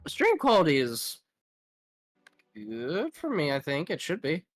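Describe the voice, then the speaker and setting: A man's voice: fairly high pitch, huge pitch swings, unhurried, dry recording, soft background music. A man chatting casually as a co-player on a game stream, laid-back and easily amused.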